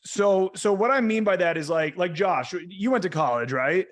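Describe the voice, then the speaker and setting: A man's voice: sits high, normal speed. A young adult man hosting a casual podcast, talking bluntly and emphatically with lots of swearing. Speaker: host.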